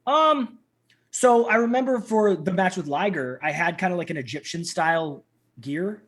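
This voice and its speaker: A man in his thirties, a guest telling stories in a casual interview, animated and acting out quoted lines. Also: moderate pace. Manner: animated, acts out quotes with big pitch jumps.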